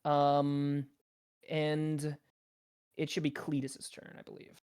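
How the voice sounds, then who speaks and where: A man's voice: fairly high pitch, completely flat delivery, slow, darkish tone, smooth. A man narrating as game master in a casual tabletop game, rambling with lots of ums and laughs.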